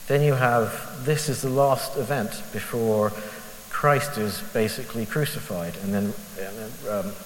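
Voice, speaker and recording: A man's voice: on the low side, unhurried. A man speaks as a lay preacher, thinking aloud about scripture and questioning himself with frank, self-deprecating honesty. His voice rings around a large hall with a long tail of reverb. A faint hiss sits underneath. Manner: candid, self-deprecating, asks rhetorical questions. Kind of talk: conversational Bible reflection.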